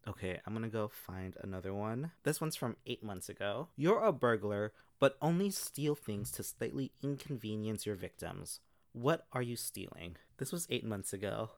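Casual male podcast host, low voice, dry close sound, giggly reactions. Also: animated, moderate pace, dry recording. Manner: chatty, laughs often between comments.

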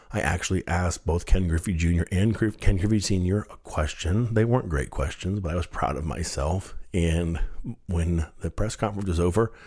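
A man hosting a podcast, telling a personal story in a lively way and laughing at himself now and then. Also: sits low, slightly rough. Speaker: podcast host. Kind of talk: storytelling monologue.

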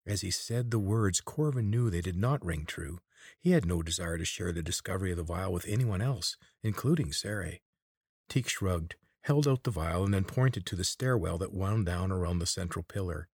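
Man, audiobook narrator, deep, husky, steady telling. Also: normal speed, dry recording, clean studio sound.

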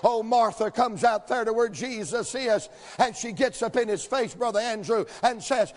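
Preacher guy, high voice, folksy storytelling that builds to shouting, big church echo. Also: normal speed, hardly any pauses. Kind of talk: sermon. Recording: long hall reverb.

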